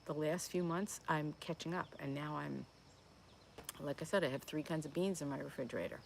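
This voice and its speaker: A woman's voice: low voice, a little fast, gravelly, a little hiss or hum. A woman in her fifties hosting a live Q&A stream, chatting in a rambling way with lots of fillers and restarts as she answers viewer comments. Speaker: host of a plant-based cooking channel.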